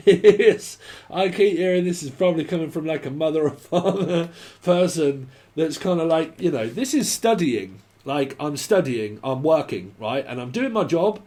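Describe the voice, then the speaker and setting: A man's voice: a little high, lively intonation, moderate pace, mellow. A man giving a casual, rambling tarot reading, often swearing and laughing. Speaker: tarot reader.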